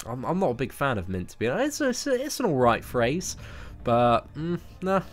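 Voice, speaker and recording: A man's voice: medium pitch, huge pitch swings, normal speed, soft background music. A young man with a southern English accent, chatting casually on a game live stream, rambling and restarting his sentences. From Surrey, southern England. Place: parents' garden, outdoors.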